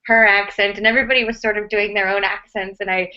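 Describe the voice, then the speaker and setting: A woman's voice: medium pitch, little pitch movement, fast, pushed and bright. An American woman answering interview questions casually, chatty with lots of fillers and restarts. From United States. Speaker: actress, interview guest. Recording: muffled lo-fi audio.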